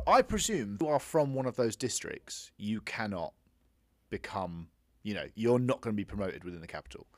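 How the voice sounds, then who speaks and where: A man's voice: on the low side, dry recording. A man co-hosting a casual movie review chat, hesitant and full of restarts. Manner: hesitant, many restarts and trailing off. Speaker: film review co-host.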